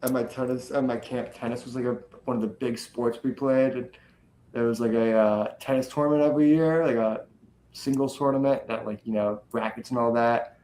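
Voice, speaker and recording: A man's voice: medium pitch, steady tone, fairly quick, warm tone, slight background noise, rough recording. A young man talking casually, swearing freely and rambling with energy. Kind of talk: casual chat.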